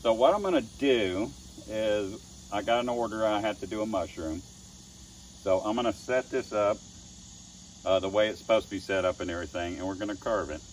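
A man's voice: on the low side, a little fast, recorded from a distance, a little hiss or hum, low-quality recording. A middle-aged man, a chainsaw woodcarver, telling chatty folksy stories with chuckles as he demonstrates his craft. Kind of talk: casual storytelling demo.

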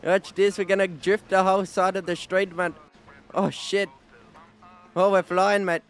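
A man's voice: high-pitched, little pitch movement, a little slow, clean tone. A man roleplaying a character in an online game, brashly taunting another player and ending nearly every line with "mate". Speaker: streamer playing a roleplay character.

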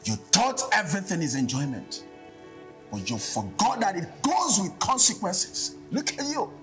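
A man's voice: sits high, very animated, moderate pace, fairly bright tone, faint music behind. A man with a Nigerian accent playing a friend who lectures another man about consequences. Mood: scolding. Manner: scolding, lecturing. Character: reproachful male friend, stern and lecturing. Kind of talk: Nollywood film acting.

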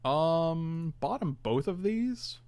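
A man's voice: on the high side, animated, slow pace, a little mellow, dry recording. Chatty man commentating a card game. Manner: chatty, self-mocking, groans at bad draws. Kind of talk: casual gameplay commentary.

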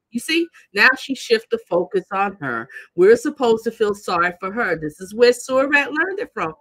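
A woman's voice: mid-range voice, animated, moderate pace, hardly any pauses, fairly bright tone, no room sound. A woman hosting a live commentary stream, talking straight to her viewers in an indignant, lecturing way and reading out their comments.

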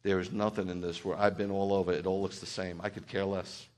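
A middle-aged male rabbi giving a conversational sermon, dropping into quiet asides and then rising to loud, excited outbursts. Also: low-pitched, fairly quick, slight background noise.

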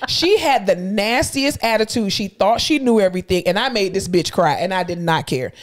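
A woman's voice: mid-range voice, lively intonation. A woman in her thirties, a podcast co-host, telling blunt, profane workplace stories in casual chat. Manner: blunt, fast-talking storyteller, profane and emphatic. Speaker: podcast co-host and clinical instructor.

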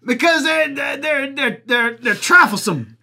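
A man's voice: very high voice, lively intonation, unhurried, gravelly, pushed and bright, heavily acted. A man playing a crude, blunt commentator with a drawl, laughing at his own jokes in an improvised comedy bit. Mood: crude storytelling. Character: crude rural Southern man, blunt, loud-mouthed. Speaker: comic commentator persona.

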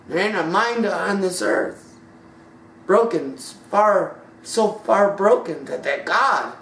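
Slow, roomy woman preaching emphatically. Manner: emphatic, swinging from loud high peaks to hushed drops. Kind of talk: sermon. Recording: roomy sound from a distant mic.

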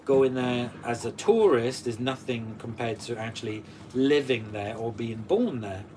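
A Welsh man in his forties hosts a live stream, reading viewer comments aloud and answering them one by one. His voice sits at an ordinary pitch, and there is a faint background hiss. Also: unhurried. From Wales. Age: 40s. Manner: chatty, reads out and answers comments. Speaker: channel host.

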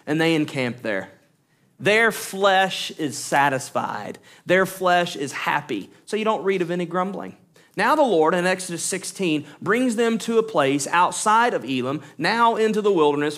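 Man, pastor, high voice, expository sermon, emphatic repetition, teaching tone. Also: fairly bright tone. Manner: emphatic preaching with repeated words for stress; explains points directly to the congregation.

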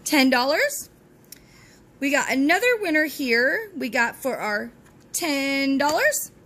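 A woman's voice: high voice, big pitch swings, slow, pushed and bright. A woman hosting a scratch-off lottery video from home, chatting cheerfully to her viewers and chanting encouragement as she scratches. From Texas. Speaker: host of a lottery scratch-off channel. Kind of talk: casual chat to viewers while scratching tickets. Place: at home, with dogs nearby.

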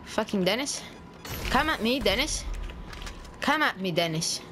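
A woman's voice: medium pitch, animated, a little slow, background noise. A young woman, commentating a game and swearing at a friend. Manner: frustrated, swearing, yelling at a friend. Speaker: gaming YouTuber. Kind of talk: casual gameplay commentary.

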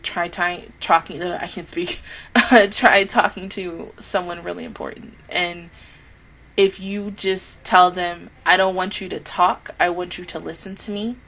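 A woman with a somewhat low voice speaks to the camera in a casual, loose review. She is earnest and heartfelt, rambling and circling back as she talks. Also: fairly even intonation, unhurried, creaky, fairly bright tone, rough recording. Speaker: anime reaction YouTuber.

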